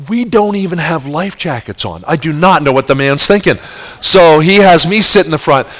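A man's voice: on the high side, animated, normal speed, fairly bright tone. A man preaching a sermon, telling a story vividly, acting out the voices in it and asking his listeners questions. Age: adult. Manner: vivid storyteller who acts out quoted voices; talks straight to the audience with questions.

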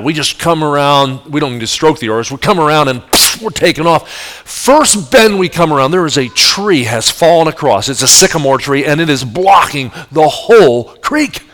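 An adult man with a fairly high, slightly bright voice preaches a sermon. He tells a story vividly, acting out its quoted voices, and talks straight to his listeners by asking them questions.

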